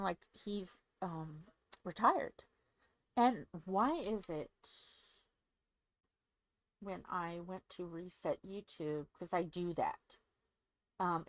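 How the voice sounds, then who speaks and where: A middle-aged woman from Indiana, chatting casually to her viewers while doing a craft, rambling and growing soft when sad. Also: fairly low pitch, low-quality recording. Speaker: crafting channel host. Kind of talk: casual chat to viewers while diamond painting.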